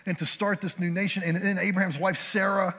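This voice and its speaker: A middle-aged pastor preaches in a loose, joking way, slipping quick asides into his sermon. His voice sits high for a man. Long reverb rings around him in the church sanctuary. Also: level tone, a bit bright.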